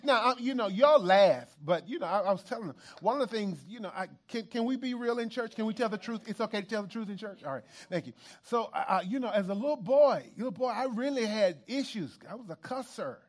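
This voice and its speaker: A man preaching a sermon in church, emphatic and animated, repeating phrases and bantering with the congregation. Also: sits high, fast talker, few pauses. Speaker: pastor.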